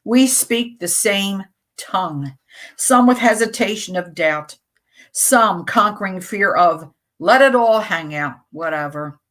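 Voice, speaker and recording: A middle-aged woman hosting a community radio show, reading poems aloud slowly and deliberately, with casual chatty asides between them. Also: mid-range voice, expressive, a bit bright.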